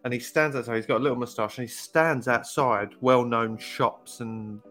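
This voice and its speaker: Man, chatty podcast host, storyteller, medium pitch, faint background music. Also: steady tone, moderate pace, fairly bright tone. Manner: storytelling, acts out quoted voices. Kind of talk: casual chat.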